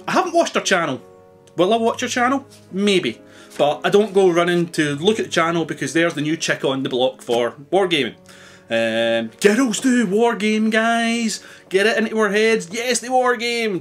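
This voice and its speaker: A man's voice: high-pitched, fairly bright tone. A married man vlogging casually, answering questions in a rambling, self-deprecating way with many hesitations. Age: adult, married.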